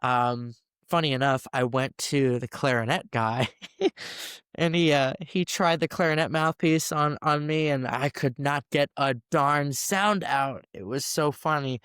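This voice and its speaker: A young man in his twenties, a new band teacher, chatting in an interview and telling stories with animated voices for the people he quotes. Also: medium pitch, a little slow, clear, resonant tone, no room sound, clean studio sound. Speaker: first-year band teacher, guest. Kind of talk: casual interview storytelling.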